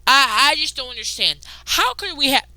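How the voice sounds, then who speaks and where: A woman hosting a casual wrestling recap, excitable, jumping between loud outbursts and muttered asides. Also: sits high, normal speed, dry recording.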